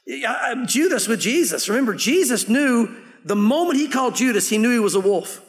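A man's voice: very high-pitched, lively intonation, brisk, long reverb tail. A man preaching a sermon as pastor, in a conversational way that slips into acting out quoted voices.

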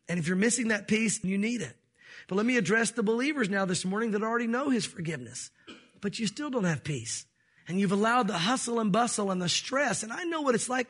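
A man's voice: high-pitched, a bit bright. A man preaching a sermon as pastor, emphatic and conversational with light jokes.

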